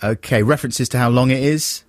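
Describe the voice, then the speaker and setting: A man's voice: medium pitch, a little fast, no room sound, clean studio sound. A man from East Anglia co-hosting a comic radio show, chatty and teasing, laughing often. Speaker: radio co-host. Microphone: studio mic.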